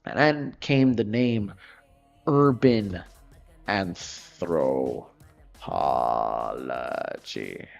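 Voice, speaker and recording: A man's voice: low-pitched, very slow, vocal fry. Rambling man chatting on a livestream. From Florida, United States. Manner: loose, rambling, curses offhandedly. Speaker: livestreaming artist. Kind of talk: casual rambling chat while drawing. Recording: dull lo-fi livestream audio with faint music.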